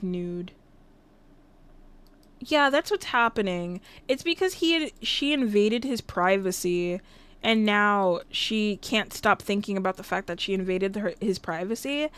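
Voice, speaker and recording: A woman's voice: medium pitch, fairly bright tone, smooth. A woman casually commenting while livestreaming a life-sim game, talking to the characters and thanking viewers. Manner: chatty, talks to game characters and chat.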